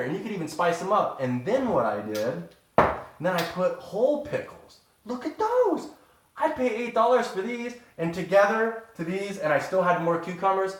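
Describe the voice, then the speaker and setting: A man talking in a casual, rambling live-stream chat with his viewers, showing off groceries and homemade pickles in a kitchen. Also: fairly high pitch. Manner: animated, rambling, addresses viewers as y'all. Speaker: vlogger. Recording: echoey room.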